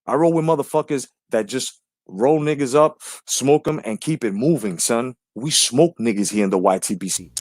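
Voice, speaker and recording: A man's voice: mid-range voice, expressive, moderate pace, darkish tone, dry recording, studio quality. A man hosting a live stream, ranting brashly and profanely while greeting viewers in the chat.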